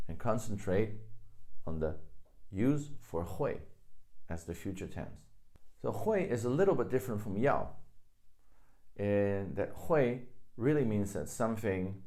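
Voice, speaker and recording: Slow, deep-voiced male language teacher. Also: big pitch swings, mellow. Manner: slow, patient, repeats example sentences. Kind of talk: explaining grammar with examples.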